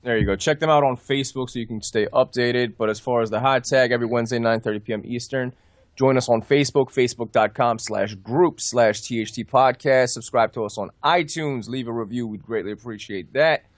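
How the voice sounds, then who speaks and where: A man's voice: medium pitch, a little fast, no echo, studio quality. Profane rambling male podcast host. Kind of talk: casual wrestling podcast chat.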